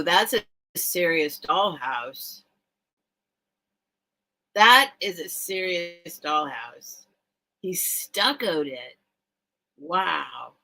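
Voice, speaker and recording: A bright, clear-toned woman hosts a late-night live stream and chats casually with her viewers. She speaks slowly and takes her time, reacting warmly and emotionally to each comment she reads aloud. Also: fairly low pitch, expressive, low-quality recording. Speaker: host of a live vintage sale stream.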